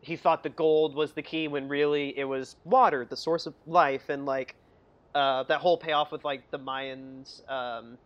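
Casting: chatty, giggly film podcaster who acts out scenes, mid-pitched voice. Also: fairly even intonation, unhurried, highs cut off. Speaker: movie review podcast co-host. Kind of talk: casual chat.

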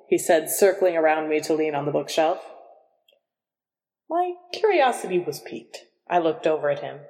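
Woman narrator, lowish voice, dry wry reading, long reverb. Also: very animated, normal speed, a little mellow. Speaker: audiobook reader. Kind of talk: first-person storybook narration.

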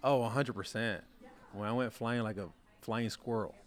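A young man, a podcast guest and former quarterback, telling stories in a self-mocking, animated way and laughing as he goes. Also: mid-range voice, normal speed. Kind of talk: casual storytelling.

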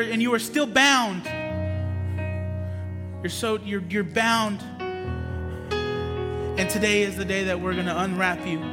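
A pastor preaching a passionate sermon in a church, moving between loud emphatic bursts and quiet asides. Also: male voice, high voice. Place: church sanctuary. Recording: long hall reverb with music underneath. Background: music playing under the preaching.

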